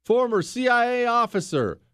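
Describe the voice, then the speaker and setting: Combative talk radio host, high and dry. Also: male voice, sing-song, moderate pace, clean tone, dry recording. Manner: combative, sarcastic, shouts for emphasis. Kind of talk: political talk radio monologue.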